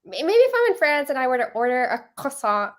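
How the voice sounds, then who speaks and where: A woman's voice: high voice, very animated, fairly quick. A young American woman in casual chat, chatty and self-deprecating.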